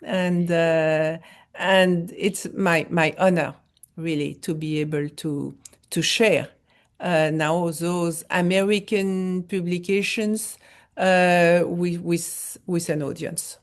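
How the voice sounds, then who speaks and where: A middle-aged woman from France with a French accent, telling her story in an interview with many pauses and restarts. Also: fairly low pitch, steady tone. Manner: halting, many fillers and restarts. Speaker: foundation founder, guest. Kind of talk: interview conversation.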